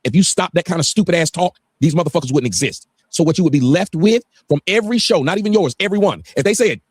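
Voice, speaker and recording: A man with a rather high voice talks very fast on a livestream and swings his pitch up and down. He rants emphatically and swears a lot, and his voice sounds dry and close. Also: animated, breathy edge, dry recording. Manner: emphatic, profane ranting. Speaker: guest on a livestream. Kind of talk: heated livestream talk.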